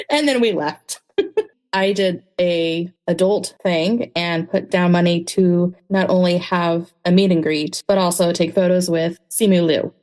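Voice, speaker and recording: Animated woman telling stories. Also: on the low side, moderate pace. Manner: lively storyteller, animated, laughs easily. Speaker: podcast guest. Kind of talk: casual podcast chat.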